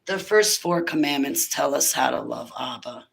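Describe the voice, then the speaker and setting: A woman's voice: extremely low pitch, animated, normal speed, vocal fry, husky, low-quality recording. A woman in her fifties talking in a loose, rambling monologue about faith, breaking into laughter and emphatic preaching. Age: 50s. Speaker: speaker on spiritual warfare. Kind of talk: casual monologue.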